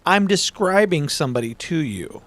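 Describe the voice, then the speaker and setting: A fairly high-pitched man co-hosting a podcast, ranting bluntly and profanely. His pitch swings widely as he argues, and the sound is dry and close to the mic. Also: very animated, normal speed, fairly bright tone, no echo. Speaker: podcast co-host. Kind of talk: heated casual podcast debate.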